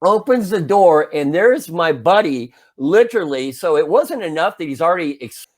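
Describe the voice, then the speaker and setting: A man in his forties co-hosting a podcast recounts a story in an animated way, performing the parts and his own yelling. He speaks at a moderate pace in a slightly high voice.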